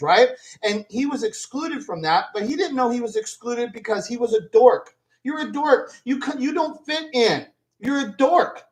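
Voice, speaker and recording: A man's voice: extremely high pitch, poor audio. A man hosting a commentary channel, ranting in a scornful, rambling way full of swearing.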